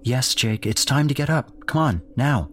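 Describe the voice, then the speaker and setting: A man voicing a distraught, furious middle-aged mother in a spoken horror story, pitching his voice up. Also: expressive, moderate pace, slight background noise, natural voice. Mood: coaxing. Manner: shrill, yelling, then coaxing.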